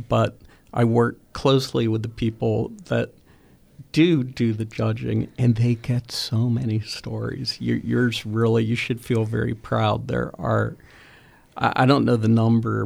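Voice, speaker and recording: Guy host chatting easy, super gravelly voice, mid pitch, cheering on his guest. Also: a little mellow. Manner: encouraging, praising his young guest. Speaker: interviewer host. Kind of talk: casual interview.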